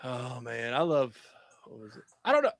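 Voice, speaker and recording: A man's voice: medium pitch, sing-song, moderate pace, vocal fry, no room sound. A man co-hosting a podcast, telling stories in casual, profane banter and laughing easily. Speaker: podcast co-host.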